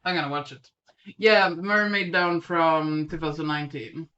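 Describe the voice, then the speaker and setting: A podcast co-host with a lisp, chatting casually about films and often pausing on ums. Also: medium pitch, fairly even intonation, sharp tone, lo-fi sound. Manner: hesitant, lots of ums. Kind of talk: casual film chat.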